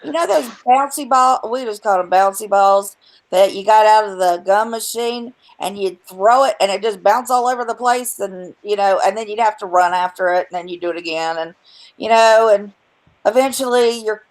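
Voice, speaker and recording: A woman's voice: mid-range voice, normal speed, rough recording. A woman hosting a live stream, telling rambling, blunt, profane stories in casual chat. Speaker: stream host.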